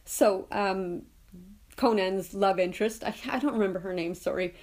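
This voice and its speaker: A woman's voice: mid-range voice, moderate pace, a little mellow. Chatty woman podcaster, laughing often. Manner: chatty, laughs often while retelling scenes. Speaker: podcast host. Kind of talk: casual solo podcast chat.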